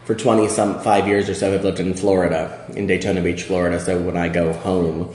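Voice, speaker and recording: A Midwestern man in his forties chats as an interview guest, wry and self-deprecating. His voice is lowish, and the room around him is echoey. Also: little pitch movement, brisk, a little mellow. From outside Chicago. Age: 40s. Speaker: magazine editor and guest. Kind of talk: casual interview chat.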